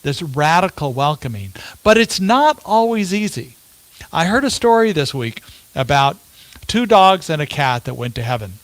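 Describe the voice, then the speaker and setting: Brief: male minister, fairly high voice, relaxed storyteller, dry close sound. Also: dry recording. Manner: unhurried storytelling with rhetorical questions. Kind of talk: sermon.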